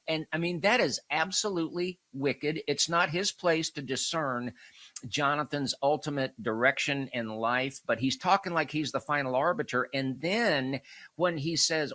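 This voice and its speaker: A man with a Southern US accent speaks in a bright, forceful voice, and the sound is close and dry. He talks as a guest on a casual talk show, emphatic and indignant in his points. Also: a little high, moderate pace, no room sound. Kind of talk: casual chat.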